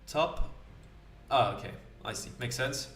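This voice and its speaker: A man giving casual let's-play commentary, stammering and apologetic about himself. His voice sits at a plain middle pitch. The mic is set back and the room echoes. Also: unhurried, fairly bright tone, a little hiss or hum. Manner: self-deprecating, stammering restarts, apologetic. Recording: roomy sound, distant mic.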